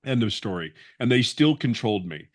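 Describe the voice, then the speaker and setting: A man's voice: mid-range voice, expressive, a little fast. A man in his fifties, a webinar guest giving a personal testimonial in an earnest, rambling way with many restarts. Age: 50s.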